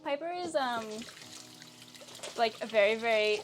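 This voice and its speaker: Woman vlogging at home in the kitchen, baby-talking her dogs, kinda high, music going behind. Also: unhurried. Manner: talks to her dogs in a sing-song pet voice. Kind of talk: casual home vlog.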